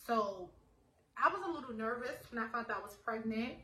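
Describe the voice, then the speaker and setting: Animated young woman telling her story. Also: a little high, fairly quick. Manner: animated, acts out dialogue, lots of fillers. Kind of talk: casual personal storytelling. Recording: roomy echo, faint ambience.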